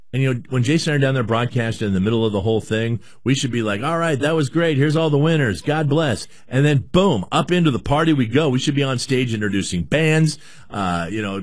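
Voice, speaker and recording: A man's voice: medium pitch, no room sound. Guy on talk radio ranting, keeps repeating himself, dry studio sound. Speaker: radio talk show host.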